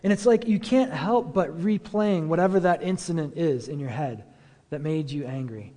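A man's voice: fairly high pitch, normal speed, warm tone. A man preaching a conversational sermon as a pastor. He talks casually, using many fillers and rhetorical questions. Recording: echoey hall with long reverb.

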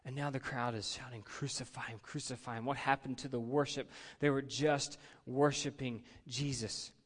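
A man's voice: mid-range voice, fairly even intonation, normal speed. A middle-aged male pastor preaching a conversational sermon in a church, leading his congregation in call-and-response. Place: church sanctuary. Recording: long reverb of a large hall.

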